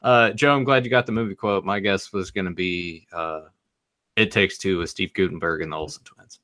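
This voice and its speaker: A man's voice: deep voice, steady tone, moderate pace, sharp tone. A man co-hosting a casual podcast chat, chatty and reassuring. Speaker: podcast co-host.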